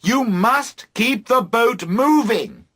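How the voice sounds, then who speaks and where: A man voicing an exasperated young man who shouts insistently from a boat in a storybook reading. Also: very high voice, expressive, takes it slowly, pitched above the performer's own voice, full character voice. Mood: shouting insistent.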